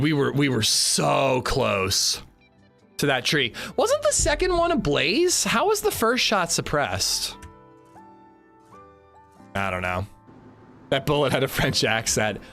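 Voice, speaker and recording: A man casually commenting on his survival shooter game during a livestream, chatting with viewers and reacting out loud. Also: medium pitch, vocal fry. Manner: chatty, reacts loudly, talks to chat. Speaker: streamer playing a survival shooter.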